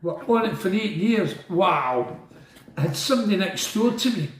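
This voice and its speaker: Rambling man with a high voice. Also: animated, moderate pace, echoey room, slight background noise, poor audio. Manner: digressive, blunt, swears, asks and answers his own questions. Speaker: former prisoner telling stories. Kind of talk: rambling monologue.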